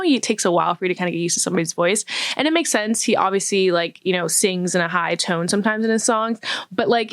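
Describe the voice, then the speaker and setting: A woman's voice: fairly high pitch, no echo, studio quality. A woman vlogger giving casual, chatty film commentary, laughing often and using lots of fillers. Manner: chatty, laughing, filler-heavy with acted-out quotes.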